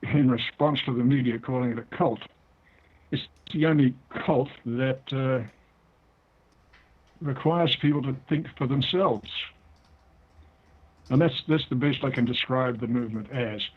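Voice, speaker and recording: Heard through a tinny, narrow phone connection, an older New Zealand-accented man is interviewed as a guest author. Husky and at a typical male pitch, his voice is deliberate, his manner explanatory.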